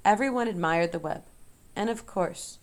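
A woman narrating a storybook aloud in a measured, expressive way. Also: mid-range voice.

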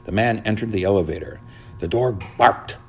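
A man narrating a children's storybook in a dramatic, expressive reading. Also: fairly low pitch, moderate pace, breathy edge.

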